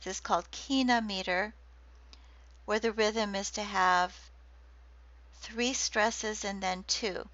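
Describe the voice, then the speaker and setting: A woman giving a recorded lecture on poetry, speaking deliberately and reading quoted verse slowly. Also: mid-range voice, steady tone, fairly bright tone, dry recording. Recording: dull lo-fi dry recording.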